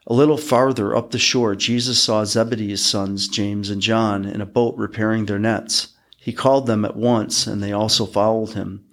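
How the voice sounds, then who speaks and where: A man hosting a podcast, reading Bible passages aloud in a measured, even way. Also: on the low side. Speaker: podcast host reading scripture. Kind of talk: scripture reading.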